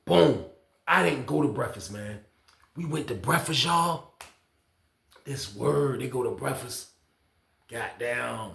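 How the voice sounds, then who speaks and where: A man telling a prison story in casual slang, acting out the people he quotes with loud shouts. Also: medium pitch, expressive, slow, creaky, long pauses, echoey room.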